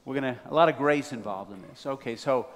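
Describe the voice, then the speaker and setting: A man's voice: mid-range voice, fast. A man preaching a sermon, telling a folksy story to a congregation. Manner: folksy, building to excited. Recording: reverberant hall.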